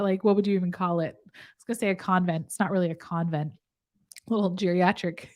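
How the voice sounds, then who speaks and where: A chatty woman talks casually with her viewers at a medium pitch, breaking into giggles mid-sentence. She speaks loosely and playfully, like a nurse practitioner off duty. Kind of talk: casual live chat with viewers.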